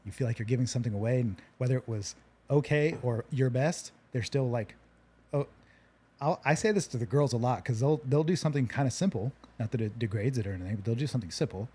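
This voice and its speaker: A man hosting a relaxed interview, earnest and reflective, often restarting his sentences. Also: medium pitch, quick pace, slightly rough. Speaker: podcast host. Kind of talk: casual interview chat.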